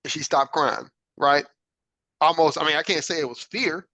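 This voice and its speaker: Man, podcast host, earnest reflective storytelling, bright tone, dry close sound. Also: fairly high pitch, normal speed, no echo, rough recording. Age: adult father. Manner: earnest, reflective, frequent "right?" check-ins. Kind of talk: personal storytelling.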